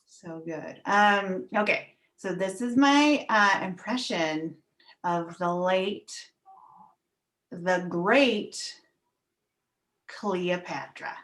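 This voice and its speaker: Female stand-up, slow and deliberate, wry self-mocking bits, video-call sound. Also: fairly low pitch, fairly bright tone. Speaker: stand-up comedian.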